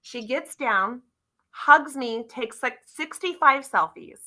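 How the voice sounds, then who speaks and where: Podcast guest, woman, bright forceful voice, animated storyteller. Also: high-pitched, slow pace, low-quality recording. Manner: animated, acts out quotes in lively voices. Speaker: guest, car club member. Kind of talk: casual interview storytelling.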